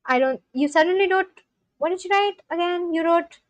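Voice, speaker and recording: A woman's voice: very high-pitched, animated, a little fast, no room sound. A young woman livestreamer chatting casually with viewers, talking back to chat with loose, filler-heavy speech. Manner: talks back to chat, scolding and reassuring.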